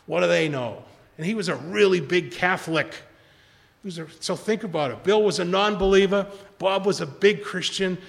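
A man's voice: sits high, vocal fry, fairly bright tone, big-room sound. An older man speaking at a recovery retreat, rambling and repeating himself, acting out quotes from others.

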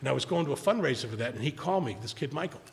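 A man telling his recovery story to a large audience, rambling with many restarts, speaking quietly and rising when he urges the crowd. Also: medium pitch, lively intonation, very fast. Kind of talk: personal testimony talk. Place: large hall before an audience. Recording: long hall reverb, gravelly.

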